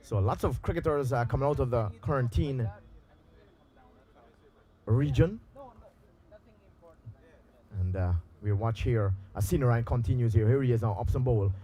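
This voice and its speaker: A man giving live commentary on a local cricket match outdoors, in a loose, relaxed delivery with pauses and fillers. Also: mid-range voice. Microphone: handheld mic through a loudspeaker.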